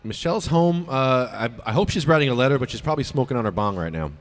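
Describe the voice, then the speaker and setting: Playful joking man with a lively pitch. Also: fast. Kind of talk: casual chat.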